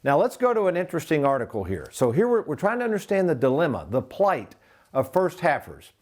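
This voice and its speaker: A man's voice: fairly high pitch, huge pitch swings, a little fast. Folksy older man hosting a money show. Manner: folksy, addresses viewers as folks, walks through numbers. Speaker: financial advisor and show host. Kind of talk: retirement planning talk show.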